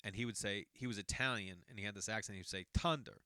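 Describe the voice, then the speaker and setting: A man's voice: lowish voice, steady tone, rapid-fire, bright, forceful tone, smooth, no room sound, clean studio sound. A man in his forties from the Boston area, hosting a podcast and telling a long personal story in a rambling, self-correcting way. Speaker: podcast host. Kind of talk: casual storytelling monologue.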